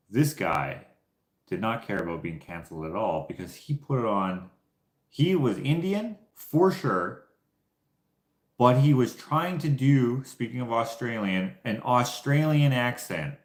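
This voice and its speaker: A man's voice: medium pitch, lively intonation, measured pace. A Canadian man telling casual, rambling stories to his viewers, laughing often. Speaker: YouTuber. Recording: echoey room.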